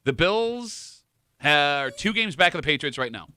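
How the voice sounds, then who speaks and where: Man, radio host, teasing banter, bright voice, lively pitch. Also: no echo. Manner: teasing, quick to laugh.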